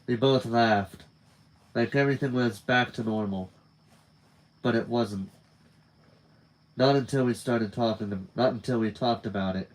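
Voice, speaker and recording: Male narrator, mid-pitched voice, plain reading, some restarts. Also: a little slow, long pauses, low-quality recording. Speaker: reader. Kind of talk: reading a novel aloud.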